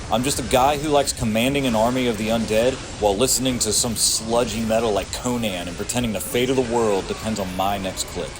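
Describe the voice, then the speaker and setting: A man in his thirties reading a scripted video essay about strategy games, sardonic and crude, with punchy asides. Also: medium pitch. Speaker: gaming video creator.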